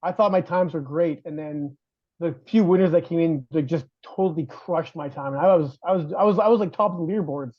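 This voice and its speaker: A man with a fairly high voice talks games on a casual podcast, rambling and doubling back on his words. His audio sounds dull and dry. He laughs easily between points. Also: a little fast, no room sound. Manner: rambling, self-correcting, laughs often. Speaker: guest host, VR reviewer.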